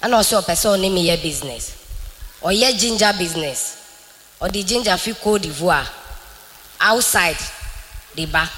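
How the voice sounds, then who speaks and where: A woman telling an animated church testimony, mixing in English. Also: medium pitch, normal speed, long reverb tail. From Ghana. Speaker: church member giving testimony.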